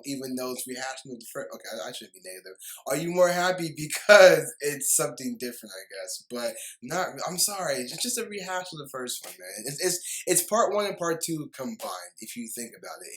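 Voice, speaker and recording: A man's voice: medium pitch, fairly bright tone, poor audio. A young man delivering a heated, rambling movie review rant, often stumbling over his words and apologizing. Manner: heated, repetitive ranting with frequent apologies. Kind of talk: ranting video review.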